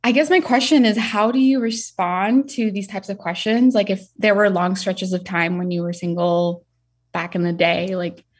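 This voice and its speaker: A woman's voice: mid-range voice, steady tone, moderate pace, breathy edge. A young woman phoning in to a podcast with a personal question. She talks hesitantly and fills her sentences with fillers. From North Carolina. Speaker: caller. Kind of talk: phone-in advice question.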